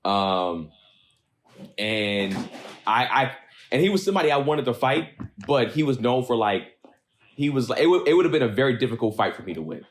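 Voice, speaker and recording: A man's voice: medium pitch, sing-song, normal speed. A young man hosting a casual podcast chat, telling rambling, self-deprecating stories. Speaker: podcast host.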